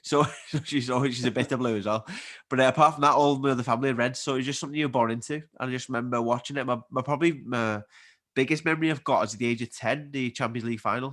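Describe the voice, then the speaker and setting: Fast-talking Scouse man. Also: mid-range voice. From Liverpool, England. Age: 20s. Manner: animated storyteller, quick and chatty. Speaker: guest athlete. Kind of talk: casual chat.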